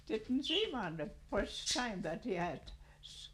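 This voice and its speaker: An elderly grandmother telling a traditional story in a slow, halting way, then chanting a song. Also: a little high, sing-song, fairly bright tone. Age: older.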